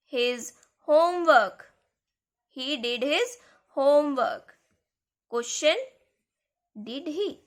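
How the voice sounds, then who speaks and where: A woman teaching a grammar lesson to schoolchildren, speaking slowly and repeating key words. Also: sits high, pushed and bright. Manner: slow, repeats key words, addresses kids.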